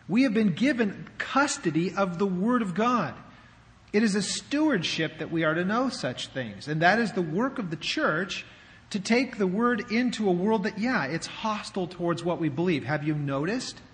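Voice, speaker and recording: A man's voice: high voice, fairly bright tone. A man preaching a sermon as pastor, in a conversational way with rhetorical questions, in a church sanctuary. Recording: long hall reverb.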